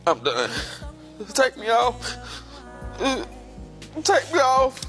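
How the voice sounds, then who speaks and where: A woman's voice: high-pitched, huge pitch swings, extremely slow, a bit bright, faint music behind, heavily acted. A woman putting on the voice of a melodramatic man walking off a talk show, exasperated and dramatic. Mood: fed up.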